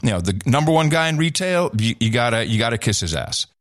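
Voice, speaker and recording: A middle-aged man spins a story in an easy, casual way. He sounds mid-pitched and plain, often restarting his sentences. The recording is dry and close. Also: big pitch swings, fast talker, dry recording. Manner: rambling, with many restarts and laughs. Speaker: podcast host and former radio/TV host. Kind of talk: casual chat, anecdote telling.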